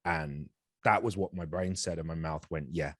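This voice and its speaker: A man's voice: low-pitched, brisk, no room sound, studio quality. A man in his thirties, an actor guest telling a candid, self-deprecating story in an interview, rambling with frequent restarts.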